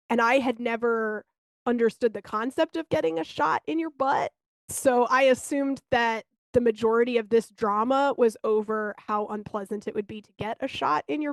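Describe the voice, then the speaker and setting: A woman co-hosting a podcast, telling candid, animated stories in casual chat and swearing now and then. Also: a little high, no room sound. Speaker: podcast co-host.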